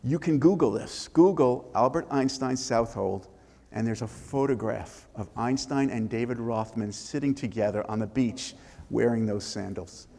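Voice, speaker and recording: An older male author tells a story in a live interview, lively and full of restarts. His voice is gravelly with some fry at mid pitch. A long hall reverb trails his words. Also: moderate pace. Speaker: author and former congressman. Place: synagogue hall before an audience.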